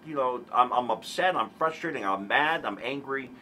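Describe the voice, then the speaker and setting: A man's voice: mid-range voice, animated, normal speed, bright, forceful tone, a little hiss or hum. A man in his forties, an earnest guest on a talk show, explaining his recovery in a conversational way, with many restarts and emphatic bursts.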